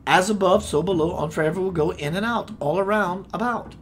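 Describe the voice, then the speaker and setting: A man hosting a spiritual radio show, preaching with playful rhymes and sudden swings between loud and hushed. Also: high-pitched, brisk. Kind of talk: impassioned spiritual talk.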